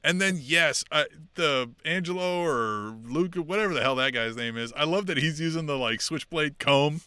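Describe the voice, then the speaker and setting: An excitable man co-hosts a casual podcast and laughs his way through his retellings. His voice is bright and a little high, and the recording is dry with no room sound. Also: moderate pace, clean tone, no echo. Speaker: podcast co-host. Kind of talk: casual chat.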